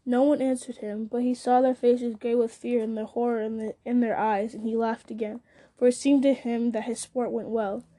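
A woman's voice: fairly high pitch, flat delivery, normal speed, mellow. A woman reading a fantasy novel aloud, often stumbling and restarting words. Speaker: reader.

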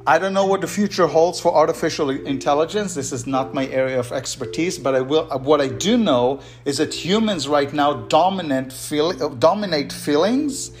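A man's voice: on the high side, moderate pace, hardly any pauses. Earnest man hosting a leadership podcast. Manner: earnest, encouraging, repeats key words. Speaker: podcast host. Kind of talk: solo podcast monologue.

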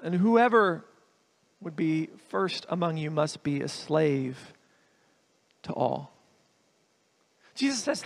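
Guy preaching in church, really high voice, earnest, keeps repeating lines to drive it home. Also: animated, slow, gravelly, long pauses. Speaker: guest preacher. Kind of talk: sermon. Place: church hall with a congregation.

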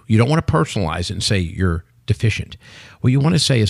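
A man in his sixties talks fast and emphatically, like a seasoned pitchman telling a story. His voice is low and gravelly with some fry. The sound is close and dry. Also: no echo. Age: 60s. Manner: animated storyteller, salesman-like, emphatic. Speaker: podcast guest, company CEO. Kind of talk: casual interview chat.

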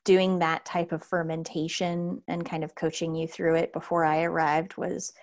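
A woman guest talking casually about distilling, bubbly, speaking in quick bursts. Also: deep voice, little pitch movement. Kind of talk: casual conversation.

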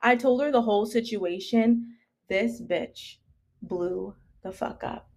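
A woman's voice: medium pitch, slow pace. A young woman co-hosting a podcast, telling a story in casual, profane chat and acting out the people in it. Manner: animated, profane, quotes people in shifting voices. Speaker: podcast co-host.

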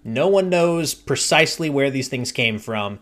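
Slow-talking man telling game stories. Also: medium pitch, lively intonation, fairly bright tone. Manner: slow, deliberate storytelling. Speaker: podcast host and game master. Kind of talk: casual chat.

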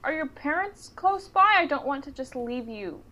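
Bright high-voiced woman player. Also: animated, moderate pace. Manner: polite, hesitant questioning. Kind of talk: tabletop role-play.

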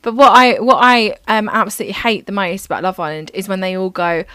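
Bright, rambling English woman podcaster. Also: mid-range voice, fairly even intonation, fast talker, clear, resonant tone, dry recording. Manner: rambling, lots of fillers and restarts. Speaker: podcast co-host. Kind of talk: casual chat.

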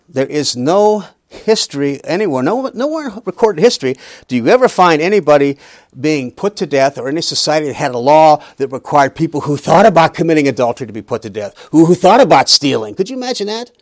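A man's voice: on the high side, very animated, brisk, no echo, studio quality. A middle-aged man teaching a Bible lesson in an emphatic preaching style, with humorous asides.

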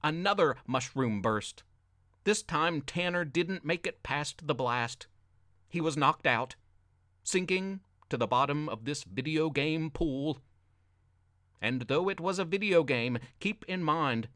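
A man reading a children's adventure story aloud with expressive, dramatic narration. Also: a little high, a little slow, dry recording, clean studio sound.

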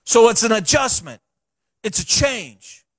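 A middle-aged man, a pastor preaching a sermon to his church in a folksy, animated way with chatty asides. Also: extremely high pitch, unhurried, dry recording, studio quality. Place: church sanctuary.

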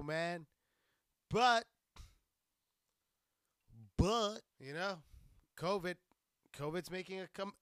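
A man from near El Paso, Texas, in a profane, rambling comic monologue, crude and animated. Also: sits high, clean tone, dry recording. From Socorro, Texas, near El Paso. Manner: rambling, crude and animated, laughing at his own jokes. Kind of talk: profane stand-up style monologue.

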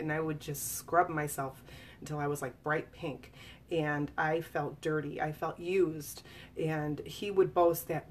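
A woman in her forties sharing a personal story in an earnest, confiding way, speaking casually with fillers and restarts. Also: deep voice. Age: 40s. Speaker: author reading and discussing her memoir. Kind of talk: personal testimony, casual live talk.

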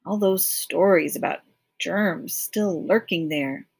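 A woman's voice: fairly low pitch, takes it slowly, creaky, breathy edge, exaggerated voice. A woman reading an audiobook voices a confident adult man who brushes off danger and speaks with dismissive certainty. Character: brisk, self-assured adult man planning a journey.

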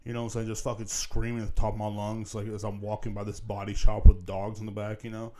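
A man's voice: on the low side, level tone, fast, warm tone. A man hosting a casual solo podcast, rambling and swearing constantly and repeating "you know what I'm saying" into a podcast microphone. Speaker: podcast host.

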